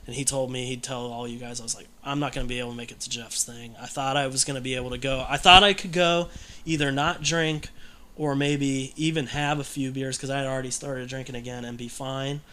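A man's voice: mid-range voice, level tone, brisk, pushed and bright. A man telling his own story in casual conversation, candid and rambling, with many fillers and restarts.

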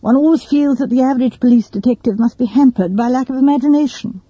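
A woman's voice: sits high, fast, warm tone, breathy edge, no room sound, highs cut off, pitched above the performer's own voice. A woman voicing a self-conscious young male writer who talks earnestly and a little pompously.

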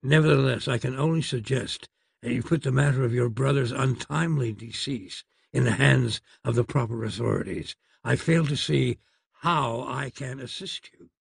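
A man's voice: mid-range voice, normal speed, creaky, slightly rough, no echo, clean studio sound. A man voicing a fussy, courteous elderly doctor in a storybook reading. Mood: prim. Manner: prim, courteous, flustered.

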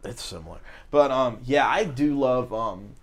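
A man's voice: mid-range voice, expressive, unhurried. A man in casual chat as a co-host, rambling and leaning hard on the filler "like". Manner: rambling, heavy use of filler "like".

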